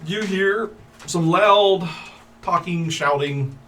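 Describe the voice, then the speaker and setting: A man narrating a tabletop game as game master in a relaxed, halting way with fillers. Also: sits high. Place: room at a gaming table. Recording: roomy audio from far off with faint hiss.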